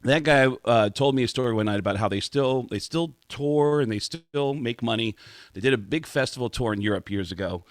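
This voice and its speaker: A male comedian telling a story as a radio guest, animated and full of quick restarts. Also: medium pitch, dry recording. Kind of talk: radio talk show storytelling.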